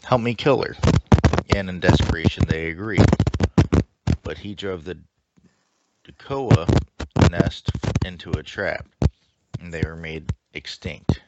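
A man reading a dark myth aloud in a steady storytelling manner, through a dull lo-fi mic with faint hiss. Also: low voice, slow pace, long pauses. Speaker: lore reader.

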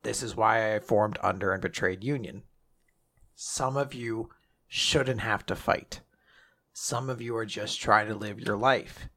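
A man doing a remorseful male traitor in a low, subdued voice. It is gravelly yet bright-edged and pitched lower than his own usual talk. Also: unhurried, full character voice. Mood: solemn, regretful. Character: remorseful male traitor swordsman, self-sacrificing.

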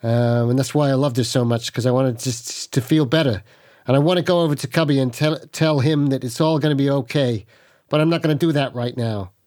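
Man, tabletop player, in-character narration, halting, stammering, medium pitch. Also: a little mellow. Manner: halting, stammering first-person storytelling.

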